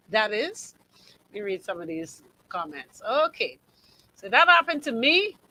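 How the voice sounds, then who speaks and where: A Bahamian woman hosts a call-in radio show from the studio, her voice bright and forward at an ordinary pitch. She talks in an emphatic, conversational way and stops now and then to read listener comments aloud. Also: low-quality recording. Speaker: radio talk show host. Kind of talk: call-in talk show monologue. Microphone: studio microphone.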